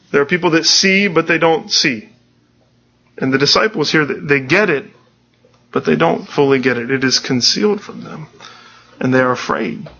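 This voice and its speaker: A man's voice: mid-range voice, pushed and bright, lo-fi sound. A pastor giving a conversational, earnest sermon, often restarting his sentences.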